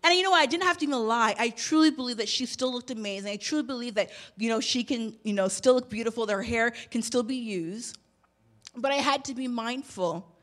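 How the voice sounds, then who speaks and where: A woman's voice: a little high, brisk, fairly bright tone. A woman in her thirties preaching a sermon, telling a personal story with bursts of emotion. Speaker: pastor.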